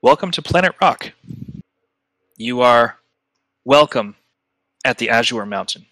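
A man voicing a vast, ancient rock being who speaks in a gravelly, slow, formal and polite way. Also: medium pitch, expressive, sharp tone, no echo, exaggerated voice, poor audio. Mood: welcoming.

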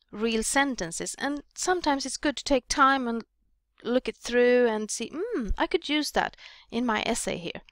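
A woman's voice: fairly high pitch, fairly bright tone, no echo. Woman teacher explaining with a Swedish accent. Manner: explanatory, reads example sentences aloud with emphasis. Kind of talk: recorded lesson on writing.

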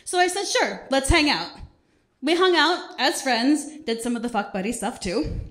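A woman's voice: high voice, lively intonation, moderate pace, a bit bright. A woman in her thirties from Ohio, telling wry stories with punchy lines in a stand-up set at a small arts centre. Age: 30s. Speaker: stand-up comedian.

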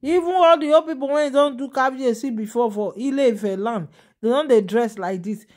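A woman's voice: high-pitched, moderate pace, darkish tone. A woman speaking with a Nigerian Pidgin accent, running a casual gossip vlog, rambling with fillers and restarts and turning indignant as she scolds. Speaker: celebrity gossip vlogger.

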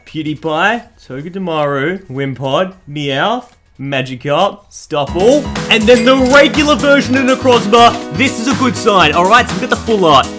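Excitable man over background music. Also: on the high side. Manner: excitable, swings between hushed and loud hype. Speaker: YouTube host opening card packs. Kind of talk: casual vlog commentary.

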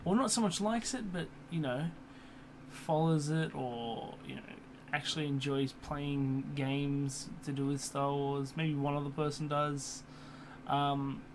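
A man's voice: fairly high pitch, takes it slowly, long pauses. Young male vlogger, casual and rambling, swears a lot, fan hum in the room. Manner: swears often, many fillers and restarts. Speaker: YouTuber. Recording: computer fan hum in background.

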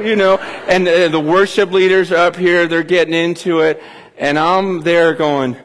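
Casting: high-pitched pastor, confessional and animated, preaching in a reverberant church hall. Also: male voice, slow, a little hiss or hum. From California. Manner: candid, confessional, animated with restarts. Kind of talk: sermon.

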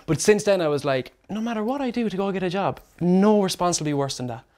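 An Irish man, a musician guest, chatting casually and telling animated stories full of swearing. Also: high-pitched, quick pace. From Ireland. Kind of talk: casual chat.

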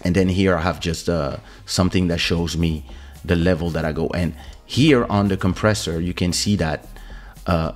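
A man hosting a live stream, explaining his audio setup step by step and speaking softly and loudly on purpose to show the effect, into a broadcast microphone. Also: low-pitched. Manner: explains step by step, talks loud and soft on purpose. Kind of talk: casual tech demonstration. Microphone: dynamic broadcast microphone.

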